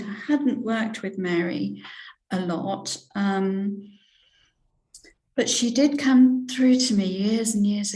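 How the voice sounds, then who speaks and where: A woman in her sixties with an English accent, a reverend recounting a spiritual experience as an interview guest, hesitant and heartfelt, with many pauses and restarts. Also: medium pitch, darkish tone. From England. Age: 60s. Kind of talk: personal spiritual testimony in an interview. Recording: roomy echo.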